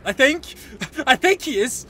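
A man giving excitable, joking let's play commentary, often shouting and swearing at the game. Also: extremely high pitch, measured pace, a little hiss or hum. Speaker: gaming channel host.

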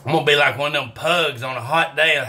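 A man's voice: on the high side, quick pace, sharp tone. Man groaning through hot sauce. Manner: drawling, swearing, groaning between bites. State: mouth burning, sweating. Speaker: vlogger eating hot sauce. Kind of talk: casual self-filmed vlog.

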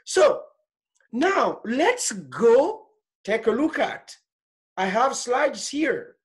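A woman teaching French in an online class, patient and repetitive, switching between French and English with halting restarts. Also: fairly high pitch, big pitch swings. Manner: slow and patient, repeating phrases, mixing French and English.

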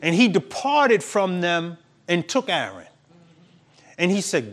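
A man's voice: high-pitched, huge pitch swings, slow. A male pastor preaching a sermon with emphatic, preachy delivery and laughing at his own points.

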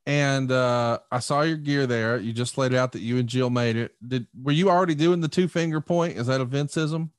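A male podcast co-host asks questions in a lively, chuckling manner. His voice is mid-range and dry. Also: medium pitch, normal speed, hardly any pauses, no room sound. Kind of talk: casual podcast chat.

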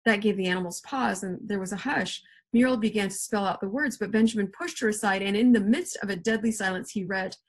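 A woman's voice: medium pitch, brisk, slightly rough. A woman English teacher reading a novel aloud to her class, expressively, with small slips and restarts.

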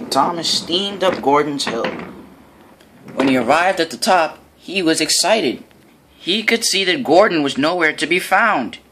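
A man's voice: a little high, expressive, a little slow, over music. A man narrating a homemade storybook tale about trains, now and then laughing between lines.

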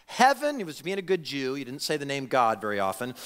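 A man preaching a conversational sermon as pastor, animated, with frequent restarts and repeated words. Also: medium pitch, quick pace. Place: church sanctuary. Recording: reverberant church hall.

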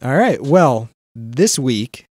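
A man's voice: mid-range voice, big pitch swings, slow, darkish tone, no echo. A man hosting a casual podcast chat, wry and steering the talk back on track. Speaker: podcast host.

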